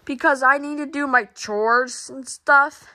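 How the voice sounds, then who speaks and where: A woman voicing Nightmare, a lazy gamer boy who whines and complains about his chores. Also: pushed and bright. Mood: sulky. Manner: whiny, complaining, high and fast.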